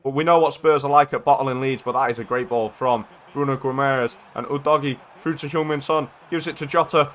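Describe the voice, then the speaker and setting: A man giving casual, excitable commentary over his own football video game match, chatting and shouting at goals. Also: fairly high pitch, a little fast, few pauses. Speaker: gaming YouTuber.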